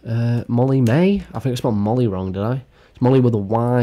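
A man's voice: mid-range voice, fairly quick, warm tone. A young man doing a comedic gossip rant as a YouTube commentator, sarcastic and crude with mock-dramatic outbursts.

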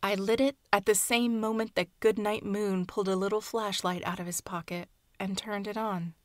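A woman reads fiction aloud in a soft, hushed, measured voice. Her pitch sits in the ordinary middle range. The recording is dry and close, with no echo. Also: fairly even intonation. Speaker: audiobook narrator. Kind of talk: scripted fiction narration.

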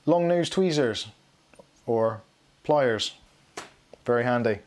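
A man's voice: medium pitch, animated, slow pace. A middle-aged man hosting a live tech stream, rambling and self-mocking as he goes through his tools. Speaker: tech channel host. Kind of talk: casual live unboxing chat.

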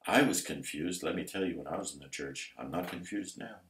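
A man preaching a sermon emphatically, building to loud, intense passages. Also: deep voice, brisk. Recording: roomy echo.

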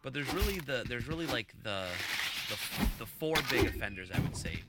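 A man's voice: mid-range voice, sing-song, brisk. A man hosting a casual live-streamed podcast, rambling with lots of fillers and chuckling asides. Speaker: podcast host. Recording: loud clicking noise behind the voice.

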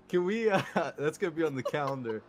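A man's voice: on the high side, animated, moderate pace, background noise. A man teasing his teammates with crude jokes over voice chat, often laughing at his own lines. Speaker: teammate in an online racing session. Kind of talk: joking banter over voice chat.

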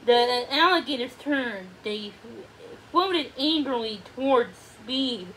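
A woman slowly reading a children's storybook aloud in a read-along, with a faint hiss behind her. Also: on the high side, lively intonation, bright, forceful tone, poor audio. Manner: slow, careful reading with small restarts. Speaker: storybook reader.

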